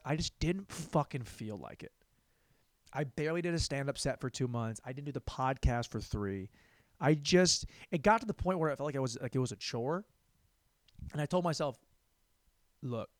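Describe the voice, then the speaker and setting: A man's voice: a little high, dry recording. Profane rambling young man, dry close mic. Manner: rambling, profane, self-mocking, laughs often. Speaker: podcast host and stand-up comic. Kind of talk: casual solo podcast monologue.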